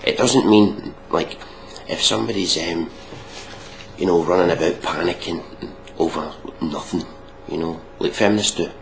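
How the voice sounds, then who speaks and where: A man's voice: deep voice, moderate pace, gravelly, slight background noise, rough recording. A man giving mocking, sweary reaction commentary on a video, ranting sarcastically.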